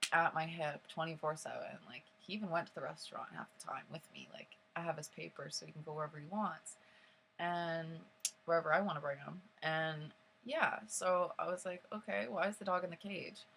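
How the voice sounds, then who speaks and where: Young woman vlogger, lowish gravelly voice, casual rambling storytime with lots of swearing. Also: brisk, fairly bright tone, a little hiss or hum, low-quality recording. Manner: rambling, many fillers, frequent swearing.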